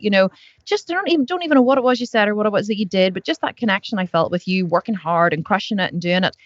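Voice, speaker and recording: A woman podcast host chatting at a quick clip, rambling and piling on fillers as she goes. Her voice is dry and close, with a slightly dull, muffled sound. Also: mid-range voice, lively intonation, dry recording. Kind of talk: casual podcast chat.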